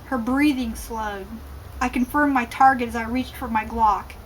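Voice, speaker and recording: A woman reads her own novel aloud in a fairly high voice, calm and steady between passages. Now and then she pauses to talk about the writing. A faint hum of noise sits behind her. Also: rough recording. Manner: calm reading with asides about the text.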